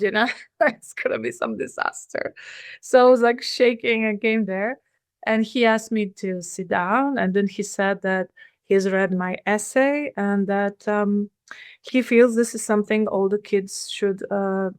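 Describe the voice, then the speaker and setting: Woman guest, middle-aged, earnest, halting storyteller; dry close sound. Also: medium pitch, no echo. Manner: earnest, halting, with many fillers and restarts. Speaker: podcast guest. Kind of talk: personal storytelling in an interview.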